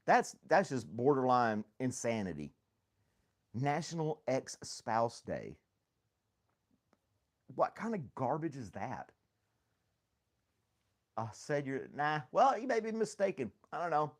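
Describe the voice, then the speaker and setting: A man's voice: medium pitch, sing-song, slow pace, pauses often. A man hosting a casual livestream chat, rambling and joking, laughing often at himself. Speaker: host.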